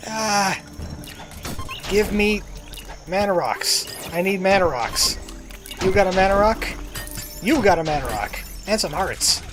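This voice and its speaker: A man narrating his own game run in a chatty, self-mocking way, his voice sitting a little higher than most men's. Game music plays clearly underneath him throughout. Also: animated, a little slow, long pauses. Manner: self-deprecating, chatty, jokey. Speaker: let's play gamer. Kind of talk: casual gameplay commentary.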